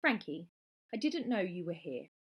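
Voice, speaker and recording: A woman's voice: lowish voice, sing-song, moderate pace, husky, dull audio. A woman voicing a vicious, sneering teenage girl in a storybook reading. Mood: spiteful.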